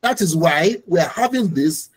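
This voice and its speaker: An instructor teaches a class over a video call. The voice is a little husky, and the delivery is patient and explanatory, often going back over the key points. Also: mid-range voice, expressive, moderate pace, poor audio. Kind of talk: online training lecture.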